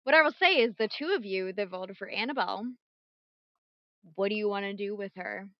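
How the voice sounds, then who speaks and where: A woman running a tabletop game as game master, casual and animated, swearing freely, at her computer mic. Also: mid-range voice, fairly quick, no echo, highs cut off.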